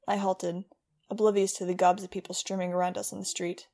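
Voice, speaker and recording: A woman narrating a first-person audiobook in a wry, brisk storytelling manner. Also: fairly low pitch, level tone, creaky, dark tone.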